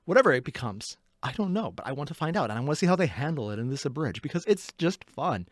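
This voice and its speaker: A man's voice: fairly high pitch, very animated, fast, no echo, clean studio sound. A man hosting an anime reaction channel, giving casual, enthusiastic commentary and chatty analysis.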